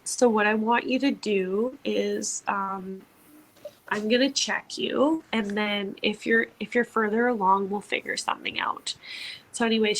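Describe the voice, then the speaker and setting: A woman's voice: mid-range voice, creaky, a bit bright, slight background noise, rough recording. A young woman co-hosting a podcast, telling a personal story in a chatty way, full of "like" and acted-out quotes. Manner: chatty, lots of "like", acts out quotes. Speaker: podcast co-host. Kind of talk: casual storytelling.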